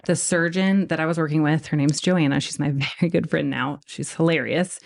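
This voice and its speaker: Animated storytelling woman, slightly low voice. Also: fairly quick, gravelly. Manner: animated, laughing, acts out quotes in whispers. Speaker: veterinarian guest. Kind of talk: casual storytelling chat.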